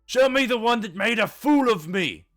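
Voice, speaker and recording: A man's voice: very high voice, expressive, normal speed, a bit bright, soft background music, pitched above the performer's own voice. A man voicing a huge arrogant male crime boss who bellows threats. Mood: furious.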